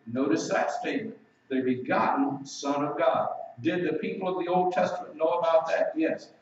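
A man preaching a sermon emphatically, slowing down to read scripture aloud. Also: fairly high pitch. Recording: echoey, distant, dull recording.

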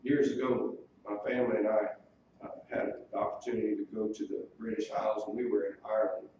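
A man's voice: fairly low pitch, steady tone, quick pace. A male pastor preaching a sermon, earnestly explaining scripture and quoting it in old wording. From United States. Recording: distant mic in a very echoey room, dull lo-fi sound, faint hiss.

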